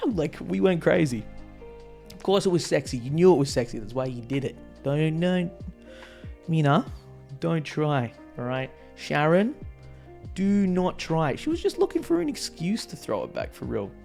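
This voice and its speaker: An excitable man with a gravelly, fry-edged voice recaps a concert in casual, slangy talk, swearing and laughing freely. Soft music plays faintly behind him. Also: medium pitch, normal speed. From Australia. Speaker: vlogger.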